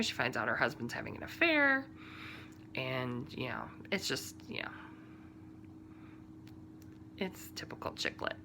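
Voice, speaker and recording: Chatty low-voiced woman with a bright tone. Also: creaky, slight background noise. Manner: chatty and rambling, full of fillers and soft asides. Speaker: podcast host. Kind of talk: casual chat about books, TV and crafting.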